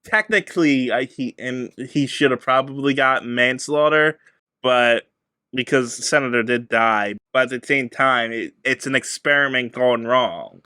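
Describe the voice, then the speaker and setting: A man's voice: mid-range voice, measured pace, bright, forceful tone, dry recording. A man co-hosting a podcast, chatting casually about a movie and often correcting himself as he goes. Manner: rambling, self-correcting. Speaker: podcast co-host. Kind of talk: casual movie review chat.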